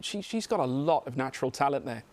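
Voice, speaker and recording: Brit guy doing esports race commentary, talks super fast, lots of uhs and restarts. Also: medium pitch, expressive. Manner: quick, hesitant, with restarts and laughs. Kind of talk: live broadcast commentary.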